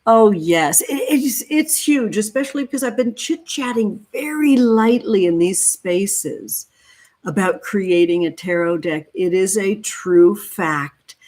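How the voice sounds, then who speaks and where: A woman's voice: mid-range voice, expressive, measured pace, a little mellow. A woman in her thirties from California hosting a tarot livestream, greeting viewers with gushing affection and calling them honey and sweetie. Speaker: tarot reader hosting a live stream.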